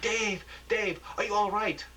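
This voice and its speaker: A man's voice: sits high, measured pace, pushed and bright, slight background noise, pitched above the performer's own voice, poor audio. A man voicing an anxious female news anchor who asks urgent, pleading questions. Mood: alarmed.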